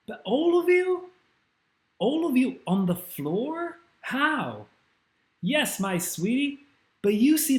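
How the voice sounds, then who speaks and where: Man putting on an old woman's voice, higher and livelier, doting on plants, roomy echo. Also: heavily acted. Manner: doting, bickering with plants that answer back. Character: elderly woman fussing over her potted plants. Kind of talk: dramatic script reading.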